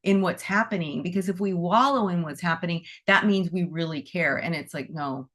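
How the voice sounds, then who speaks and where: A woman with a fairly low voice talks informally to a class about animal Reiki. She is chatty, leans on "like" and "you know," and slips into little quoted voices to act out what people think and say. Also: moderate pace, a bit bright. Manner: chatty, acts out inner dialogue in quoted voices; frequent "like" and "you know" fillers. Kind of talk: casual spoken talk to a class.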